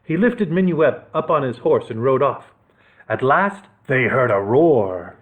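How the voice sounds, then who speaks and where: A male children's librarian reading a picture book aloud, animated and playful with asides. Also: medium pitch, measured pace, low-quality recording.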